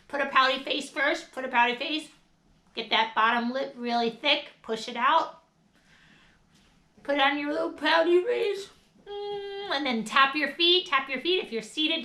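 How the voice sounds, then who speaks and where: Upbeat, bright-voiced woman coaching a class. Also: sits high, echoey room. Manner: upbeat, coaching, with bursts of laughter and shouts. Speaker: wellness instructor. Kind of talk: guided laughter and movement class.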